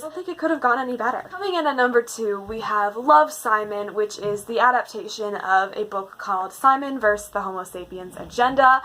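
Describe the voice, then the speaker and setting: A young woman in a casual, rambling movie-ranking chat, gushing and animated with lots of fillers. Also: a little high, poor audio. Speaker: book video host.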